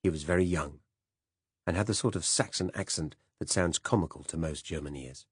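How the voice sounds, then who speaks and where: A man narrating a first-person spy novel as an audiobook in a measured, even way. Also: low-pitched, husky, dry recording, studio quality.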